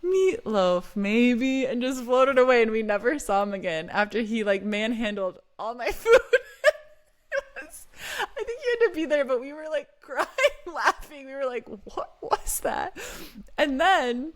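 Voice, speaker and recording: A woman's voice: high voice, animated, moderate pace. Giggly woman telling stories. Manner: giggly, storytelling with many "like"s. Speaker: podcast co-host. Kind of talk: casual chat.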